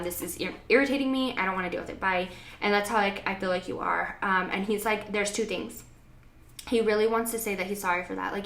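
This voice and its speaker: A woman's voice: medium pitch, a bit bright. Rambling young woman in an echoey room. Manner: rambling, hesitant, many fillers and restarts. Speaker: medium giving a general reading. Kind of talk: spoken spiritual reading to camera. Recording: echoey room with faint ambient noise.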